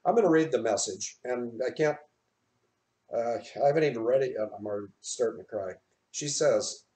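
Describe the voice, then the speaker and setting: A man hosts an online show from his office in a loose, rambling chat. He is heartfelt and keeps stopping to spell out names. His voice sits at an ordinary mid pitch. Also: normal speed, mellow. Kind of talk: rambling live-stream chat.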